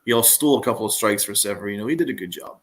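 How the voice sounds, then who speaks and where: A man co-hosting a casual live watch-along who calls each pitch and swears when his team struggles. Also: rapid-fire. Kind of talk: casual play-by-play over a live game.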